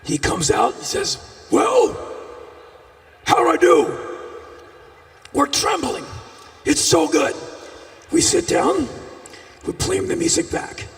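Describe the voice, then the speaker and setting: A man performing a live storytelling monologue on a festival stage, animated, with bursts of shouting. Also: extremely high pitch, measured pace, vocal fry, pauses often. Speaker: spoken-word performer. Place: large outdoor festival stage. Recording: echoey stage sound from a distance.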